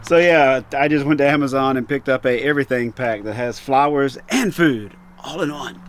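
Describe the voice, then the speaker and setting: A man's voice: mid-range voice, moderate pace. Wry, teasing man planting seeds. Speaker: home gardening vlogger. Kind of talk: casual joking chat. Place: basement seed-starting setup.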